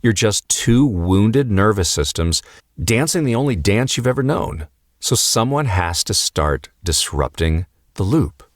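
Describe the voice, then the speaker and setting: A man coaching husbands on marriage, speaking calmly and earnestly and repeating key phrases for emphasis. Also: fairly low pitch, measured pace, dry recording, clean studio sound. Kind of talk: motivational advice talk to husbands.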